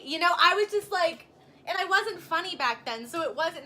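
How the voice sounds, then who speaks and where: A young woman with a high, bright, sharp voice co-hosts a casual chat vlog. She tells her stories animatedly, leaning on "like" and laughing often. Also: normal speed, faint music behind. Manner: animated storyteller, many "like" fillers, laughs often. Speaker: co-host.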